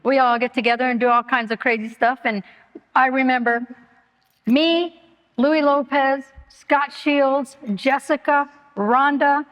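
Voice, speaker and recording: A woman giving a candid personal testimony at a recovery meeting, talking haltingly with many fillers and restarts. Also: high voice, fairly even intonation, highs cut off. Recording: long hall reverb.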